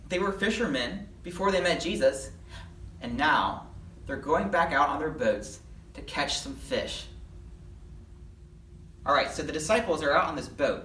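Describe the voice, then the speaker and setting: A lively storyteller leads a children's Bible lesson and gives the characters their own voices. The voice sits at a middle pitch. It sounds roomy, caught from a distance with faint background noise. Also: normal speed. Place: church. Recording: echoey room, mic at a distance.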